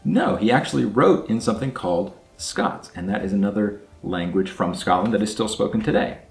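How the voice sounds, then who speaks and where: A man's voice: fairly low pitch, expressive, a little fast, gravelly. A man hosting a casual language-learning vlog, explaining in a chatty way and thinking aloud as he works through words. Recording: echoey room with faint music.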